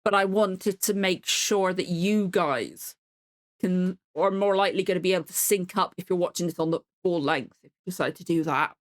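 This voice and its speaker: A woman's voice: lowish voice, normal speed. A woman hosting a reaction video, talking casually to camera in a rambling way, full of asides and swearing, sore and cold as she speaks. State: in pain and cold. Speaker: reaction channel host.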